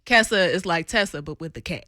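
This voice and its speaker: Easygoing Southern woman, lowish bright voice, dry close mic. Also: a little fast, no echo. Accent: Southern American. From Southern United States. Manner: easygoing, laughing, storytelling. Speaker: singer, interview guest. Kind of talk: casual interview chat. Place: radio studio.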